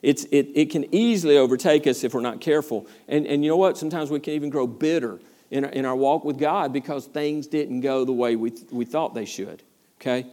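A pastor leads a verse-by-verse Bible study, preaching with energy in a brisk, mid-range voice. He acts out complaining voices and puts questions to his listeners.

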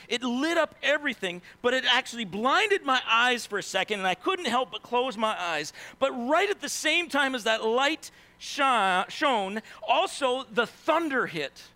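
Bright, high-voiced preaching man. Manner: animated storytelling with many "right?" asides. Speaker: pastor. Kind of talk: sermon.

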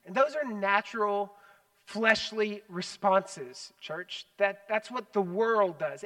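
Man, pastor, sermon in a church, high voice, bright tone, lively delivery, a bit distant from the mic. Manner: animated, shifts from loud emphasis to hushed asides. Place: church sanctuary.

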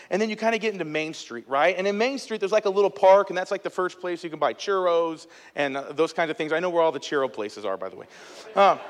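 This thirtysomething pastor's voice sits high and sounds fairly bright, echoing through a hall as he preaches. He weaves stories emphatically and conversationally, stepping aside now and then to address the congregation.

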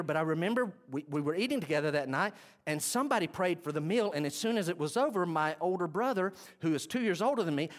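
A man preaching a sermon, swinging between loud outbursts and hushed asides. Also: sits high. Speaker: pastor. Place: church sanctuary. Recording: long reverb of a church hall.

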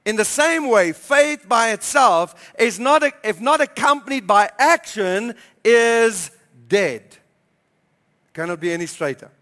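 Man, pastor preaching, emphatic, repeats phrases, slow on scripture, high bright voice, church hall reverb. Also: lively intonation. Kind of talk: sermon.

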